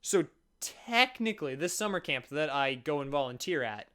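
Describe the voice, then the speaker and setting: Young guy doing a storytime vlog, bright voice, sarcastic and jokey, keeps restarting his sentences. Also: fairly high pitch, normal speed, clear, resonant tone. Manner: animated, sarcastic, jokey with frequent self-interruptions. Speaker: vlogger.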